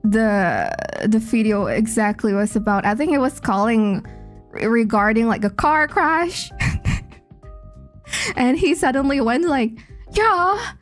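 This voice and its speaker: A young woman chats casually with her livestream viewers. She greets people by name, rambles in a friendly way and drops giggly asides. Soft music runs quietly behind her. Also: fairly high pitch, animated, unhurried. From Indonesia. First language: Indonesian. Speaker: VTuber streamer.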